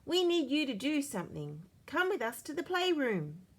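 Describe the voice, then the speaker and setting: High eager girl pup with an Australian accent, as a woman reads her, bossy, storybook. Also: big pitch swings, normal speed, heavy background noise. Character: bossy excitable little girl puppy.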